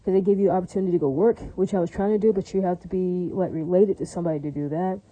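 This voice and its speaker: A woman with a lowish, mellow voice talks very fast in fairly even tones, and the audio sounds dull. In her casual, rambling vlog she's blunt and crude, full of fillers, constantly checking with "right?" and "does that make sense?"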